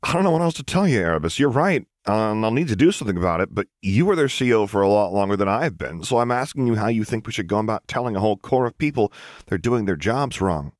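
A man's voice: on the low side, expressive, quick pace, dry recording, studio quality, pitched above the performer's own voice, lightly acted. A man reading a story aloud, voicing a young male engineering commander who talks earnestly with a wry, slightly sarcastic edge. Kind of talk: audiobook reading of fan fiction.

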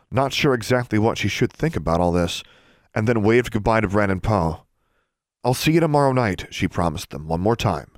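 A man narrating a children's fantasy book aloud, expressive and switching into character voices. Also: low-pitched, no room sound, studio quality. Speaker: audiobook narrator. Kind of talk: storybook narration.

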